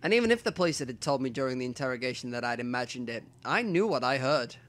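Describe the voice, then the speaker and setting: Expressive and fast-talking, a medium-pitched man narrates a visual novel as a let's play host. He mumbles little asides to himself between sections of reading.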